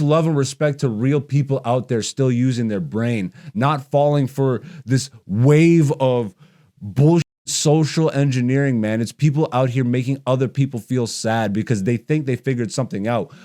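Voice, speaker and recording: A man's voice: medium pitch, a little mellow. A man in his thirties, a comedian hosting his podcast, ranting bluntly and profanely while gaming.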